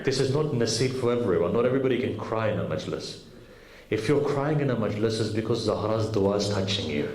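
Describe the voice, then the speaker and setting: With a crowd audible behind him, a man on the low side of pitch preaches at a majlis, his intonation lively and his pace a little fast. He tells his story earnestly and speaks directly to those present, in a roomy hall recording with faint noise.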